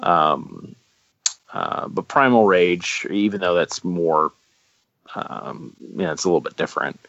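A man's voice: low voice, lively intonation, measured pace, gravelly, fairly bright tone, no room sound, highs cut off. A man co-hosting a podcast in a casual chat, rambling with frequent ums and likes. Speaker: podcast co-host.

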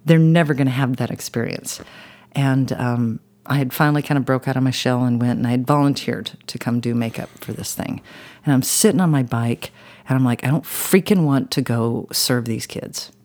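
A woman with a bass voice shares a personal story as a podcast guest, speaking earnestly and ramblingly with many "you know" asides. Her tone is steady and a little mellow, her pace brisk, and she grows emotional and intense recalling the crash.

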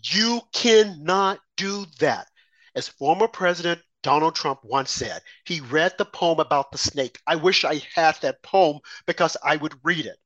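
A man's voice: on the high side, unhurried, a bit bright, dry recording, lo-fi sound. A man hosting a political talk show, speaking emphatically and repeating his points. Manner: emphatic, repetitive, indignant. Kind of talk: political commentary.

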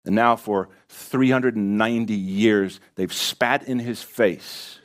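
A man's voice: medium pitch, a little slow. A man preaching a sermon to a congregation in a church, impassioned and pressing rhetorical questions on his listeners. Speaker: pastor.

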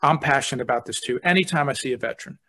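A man's voice: mid-range voice, very fast, sharp tone. A man who is a deputy fire chief, telling stories earnestly and easily in a casual podcast chat.

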